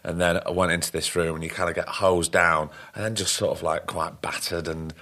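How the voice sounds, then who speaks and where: A man hosting a podcast, explaining things in a relaxed, hesitant way during casual chat. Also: deep voice, a little fast. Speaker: podcast host.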